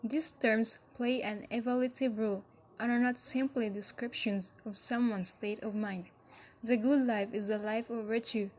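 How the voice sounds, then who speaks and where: A woman's voice: on the high side, a little mellow. A woman presenting a school lesson, reading scripted text, with section headings said with a lift. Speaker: student presenter.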